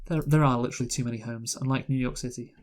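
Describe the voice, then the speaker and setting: A man's voice: medium pitch, fairly even intonation, very fast, darkish tone. A man co-hosting a casual movie review chat, rambling with lots of fillers and restarts. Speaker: podcast co-host, movie reviewer.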